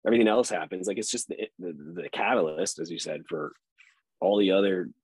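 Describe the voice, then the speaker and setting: A man's voice: low-pitched, a little fast, a little mellow, slightly rough, dry recording, poor audio. A man, an actor guest on a podcast, talking in a loose, rambling way with fillers and laughs. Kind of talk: casual interview chat.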